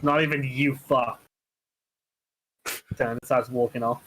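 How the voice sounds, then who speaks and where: A man's voice: medium pitch, fairly even intonation, unhurried. Laid-back male game master, noisy mic. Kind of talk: narrating a tabletop game. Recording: background noise and clicks.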